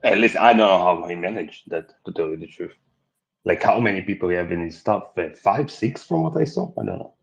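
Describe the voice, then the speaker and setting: Low-voiced man, halting English, lo-fi. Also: expressive, gravelly. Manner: halting non-native English, short replies. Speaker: guest from the front line. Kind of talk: casual chat.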